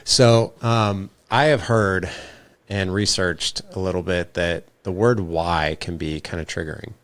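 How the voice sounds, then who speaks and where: A man's voice: sits low, measured pace. A man hosting a podcast, asking curious, eager questions in a casual chat. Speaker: podcast host.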